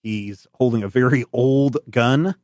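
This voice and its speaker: A man's voice: mid-range voice, a little slow, no echo. Guy game-mastering a tabletop game, laid back, lots of uhs, dry close sound. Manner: relaxed and descriptive, with fillers.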